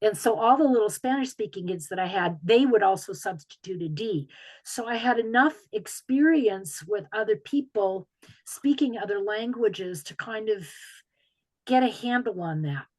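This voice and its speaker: A woman with an Upper Peninsula Michigan accent talks at a middling pitch in a relaxed, chatty way. She tells stories with plenty of ums and restarts, as an author answering questions over a video call. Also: normal speed, low-quality recording. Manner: chatty storytelling with frequent ums. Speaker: author guest. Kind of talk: casual talk in a video call Q&A.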